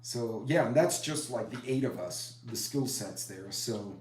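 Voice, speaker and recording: A man's voice: medium pitch, expressive, unhurried, darkish tone. A middle-aged man hosting a casual live stream, rambling and chatty as he greets commenters. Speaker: preparedness live-stream host. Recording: echoey room.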